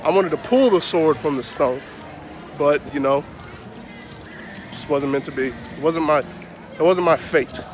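A man's voice: on the high side, unhurried, long pauses, noisy background. A man chatting in a casual vlog, playful and jokey, outdoors in a theme park. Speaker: vlogger.

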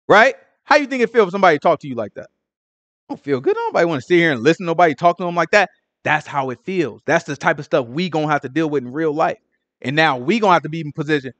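A man's voice: fairly high pitch, dry recording. A man teaching a casual Bible study, acting out the people in the scripture and sometimes stuttering. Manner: animated, acts out scripture figures, stutters.

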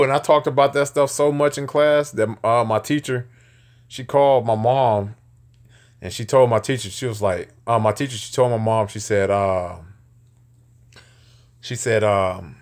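A man in his thirties telling casual stories, animated and profane, laughing often and stumbling over repeated words. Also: mid-range voice, moderate pace. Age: 30s. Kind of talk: casual storytelling.

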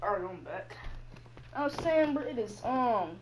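A man giving casual live commentary on a basketball video game, talking excitedly and trash-talking the players, with lots of slangy filler words. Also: extremely high pitch, a little slow, slight background noise. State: out of breath. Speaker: gaming channel host.

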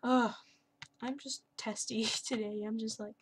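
A woman's voice: a little high, steady tone, unhurried, slight background noise. A young woman casually commenting over her Minecraft gameplay, chatty and sarcastic with self-mocking asides. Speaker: gaming channel host. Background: keyboard and mouse clicks.

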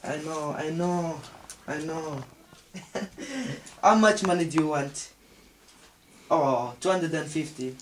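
A man acting a hot-tempered young man who yells, swears and threatens in an amateur comedy film. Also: on the high side, lively intonation, takes it slowly, pauses often. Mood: sweet-talking. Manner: yelling and swearing, then crooning on the phone. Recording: distant mic with faint noise.

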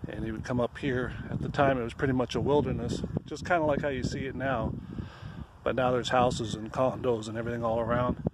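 A man's steady, mid-range voice comes through some background noise and faint outdoor sounds as he vlogs on a walk in a wooded park. Slightly out of breath, he rambles self-deprecatingly and sings a folk song at a slow pace.

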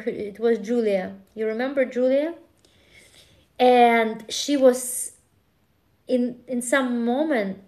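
Slow-talking woman streamer chatting casually. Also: fairly high pitch, a little mellow. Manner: rambling, laughing, with acted outbursts. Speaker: live streamer. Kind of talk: casual chat with viewers.

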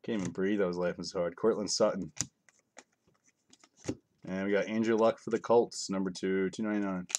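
A man's voice: deep voice, fairly even intonation, brisk, pauses often, darkish tone, a little hiss or hum. A middle-aged man hosting a live card break, reading out cards and joking casually with his viewers. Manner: offhand, joking, reads out cards while chatting to viewers. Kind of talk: casual live-stream chat.

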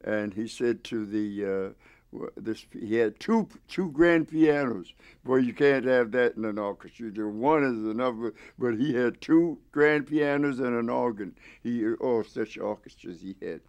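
A man's voice: medium pitch, animated, measured pace, darkish tone. A man in his nineties being interviewed at home, telling old stories with lots of restarts and chuckles. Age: 90s. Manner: rambling, with many restarts and chuckles. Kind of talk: storytelling reminiscence.

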